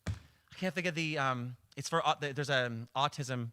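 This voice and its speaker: A man, a karaoke host and cabaret producer, chatting casually and telling animated stories that he acts out in little voices. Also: medium pitch, moderate pace, clean tone, no room sound. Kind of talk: casual storytelling chat.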